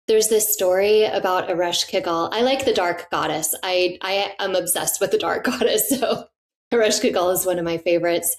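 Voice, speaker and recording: Middle-aged woman, podcast guest, animated, eager storyteller. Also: fairly low pitch, normal speed. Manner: enthusiastic, animated, laughs often. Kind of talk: casual storytelling in conversation.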